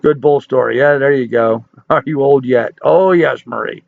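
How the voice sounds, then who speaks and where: A man's voice: mid-range voice, normal speed, gravelly, narrow, tinny audio. A man in his sixties hosting a casual livestream, reading viewer comments and answering in a folksy, joking, chatty way. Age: 60s. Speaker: livestream host.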